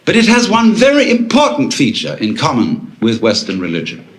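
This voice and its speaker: Wry man lecturing with lively intonation. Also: on the high side, moderate pace. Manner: wry, anecdotal storytelling with lively, chuckling asides. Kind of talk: recorded public lecture to an audience.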